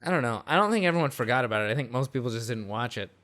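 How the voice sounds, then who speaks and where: A man's voice: mid-range voice, animated, racing, a bit bright. A young man co-hosting a comedy podcast, riffing dryly and laughing often. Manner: dry riffing, frequent laughter. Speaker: podcast co-host. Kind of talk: casual comedic chat.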